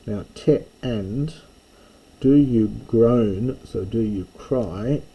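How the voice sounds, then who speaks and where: An older man giving a slow, halting line-by-line lecture, pausing often with ums and restarts. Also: on the low side, slightly rough, muffled recording. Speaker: classics lecturer.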